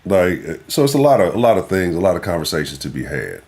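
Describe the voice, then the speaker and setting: Deep-voiced, profane sports host. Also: male voice, sing-song, quick pace, hardly any pauses, a little mellow. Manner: profane, loose, grumbling. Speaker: sports talk show host. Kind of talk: casual live sports talk stream.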